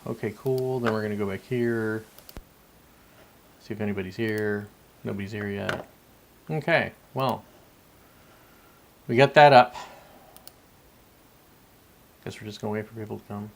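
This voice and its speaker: A man's voice: fairly low pitch, moderate pace, gravelly, pauses often. A man hosting a casual solo livestream, rambling and talking to his chat viewers by name between sips of coffee. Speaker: livestream host.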